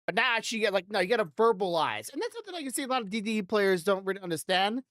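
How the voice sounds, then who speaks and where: A woman's voice: mid-range voice, big pitch swings, fast talker, a bit bright, no echo, clean studio sound. A woman hosting a podcast in loose, rambling casual chat, swearing freely and laughing often into a desk microphone. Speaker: podcast host.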